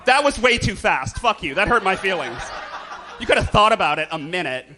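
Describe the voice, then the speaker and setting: A man doing campy, theatrical stand-up comedy in a club, throwing quick asides to the crowd. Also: sits high, sing-song. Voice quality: slight lisp. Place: comedy club stage with a live audience.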